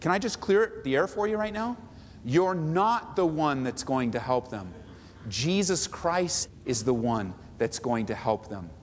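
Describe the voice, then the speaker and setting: A pastor preaching with emphatic, animated delivery. His voice sits slightly high and swings widely. It rings with a long hall reverb over faint background noise. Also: a little slow. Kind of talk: sermon.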